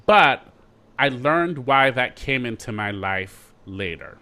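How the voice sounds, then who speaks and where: A middle-aged Jamaican man, an actor being interviewed, telling his story in a lively way with quick asides and restarts. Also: mid-range voice, clear, resonant tone. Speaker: actor guest.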